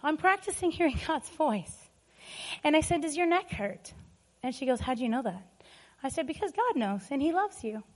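A woman's voice: high-pitched, big pitch swings, moderate pace. A middle-aged woman preaching a sermon, telling personal stories emphatically and laughing often.

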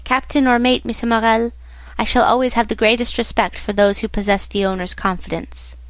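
A woman's voice: a little high, little pitch movement, brisk, no room sound, natural voice. A woman reading an eager young sailor. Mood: respectful. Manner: polite, respectful, eager.

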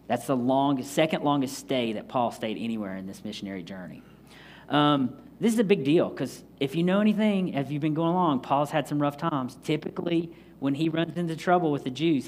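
A man's voice: mid-range voice, darkish tone, a little hiss or hum. Conversational man teaching a Bible passage. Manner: conversational, acts out scenes with quick asides. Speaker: pastor.

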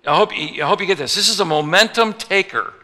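Bright-voiced pastor preaching in a reverberant hall. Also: male voice, high-pitched, fairly quick. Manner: jokey, acts out little voices for the people he quotes. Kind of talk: sermon. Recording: long reverb of a large hall.

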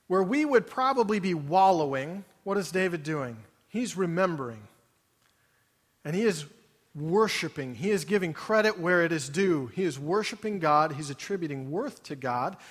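A man preaches with a high, bright-toned voice, pressing his listeners with emphatic rhetorical questions. His words ring out with a long reverb, as if spoken in a large church sanctuary. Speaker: pastor. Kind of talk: sermon.

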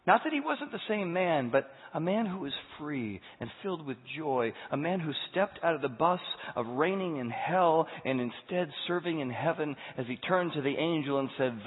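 A male pastor preaching a sermon emphatically, rising to loud rhetorical questions, from a tinny recording in an echoey hall. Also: a little high, slightly rough.

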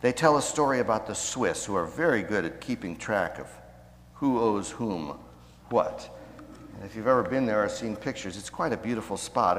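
A man preaching a sermon in a measured way, slowing down to stress key phrases. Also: on the low side, in a large hall, slight background noise. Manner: measured, slows down for emphasis.

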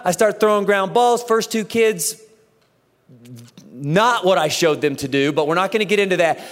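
A man in his thirties preaching a sermon, telling a story with lively acted-out dialogue. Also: high voice. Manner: animated storytelling, acts out dialogue. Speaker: pastor. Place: church auditorium. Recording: echoey church hall.

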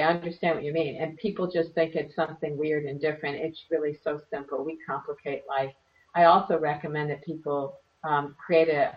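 A woman teaching meditation in an earnest, conversational way, slightly hoarse from losing her voice. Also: sits low. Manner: earnest, plays out little voices in quotes. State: losing her voice, clearing throat. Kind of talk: relaxed conversational advice. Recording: distant, dull lo-fi sound.

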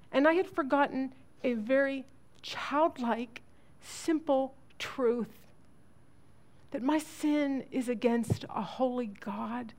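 A woman teaching other women in a sermon, telling a family story earnestly, with halting restarts. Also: a little high, a little mellow. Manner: earnest storytelling, acts out quoted voices.

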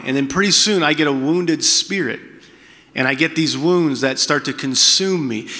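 Middle-aged male pastor, candid and chatty delivery, bright tense tone. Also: fairly high pitch, in a large hall. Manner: candid, conversational preaching with frequent restarts. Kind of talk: sermon.

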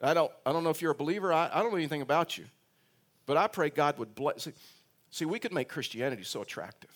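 A man's voice: fairly high pitch, lively intonation, quick pace, a bit bright. A man preaching a sermon in a conversational way, telling a personal story, often repeating words and restarting, and rising in voice for emphasis. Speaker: pastor.

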